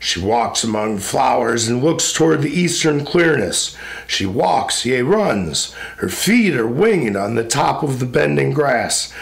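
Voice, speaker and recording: A man giving a recitation of epic poetry, in a solemn, measured and rhythmic declamation. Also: mid-range voice, expressive, gravelly.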